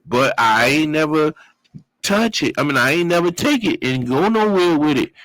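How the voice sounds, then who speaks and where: With a fairly high voice at a normal speed, a Brooklyn, New York man recounts his life as a guest, animated and profane, slipping in street talk and vocal sound effects. The recording is low quality with no echo.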